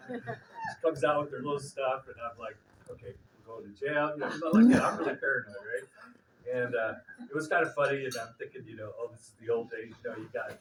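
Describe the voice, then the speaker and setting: A middle-aged man speaks some way off from the microphone at a memorial gathering, and his voice rings around a roomy space. He tells a loose, joking eulogy story full of "uh"s and acted-out quotes, with people murmuring in the background. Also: mid-range voice. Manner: rambling and humorous, many fillers, acts out quotes. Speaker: eulogy speaker, cousin of the deceased. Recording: distant, roomy, with audience murmur.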